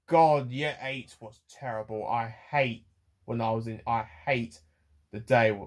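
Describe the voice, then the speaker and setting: A man ranting on a personal vlog to camera, rambling and halting with many restarts and repeated words, emotional and close to tears. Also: mid-range voice, a little mellow. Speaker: vlogger.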